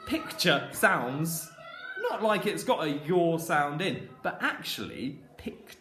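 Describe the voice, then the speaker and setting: Lively man teaching phonics to children. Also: a little high, takes it slowly, slight background noise. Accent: southern English. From southern England. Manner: lively, sing-song teaching voice with playful asides. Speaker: primary school teacher. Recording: echoey room with faint ambience.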